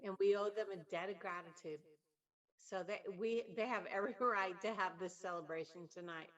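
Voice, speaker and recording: A woman's voice: mid-range voice, brisk, dull audio. A woman organizer speaks earnestly and with appreciation on a video call. Her voice sits a little distant from the mic. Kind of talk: casual video-call chat.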